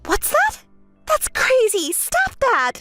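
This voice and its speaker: A woman's voice: extremely high pitch, sing-song, normal speed, a bit bright, soft background music, voice pushed up, heavily acted. A woman voicing a spoiled, boastful young bride in a texting story voice-over, pushy and whining. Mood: shrill whining.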